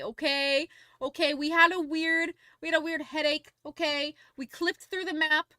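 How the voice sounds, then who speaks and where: A young woman streaming, chatting casually and telling a rambling, animated story full of fillers. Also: sits high, unhurried, no echo, studio quality. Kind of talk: casual livestream chat and visual novel read-along.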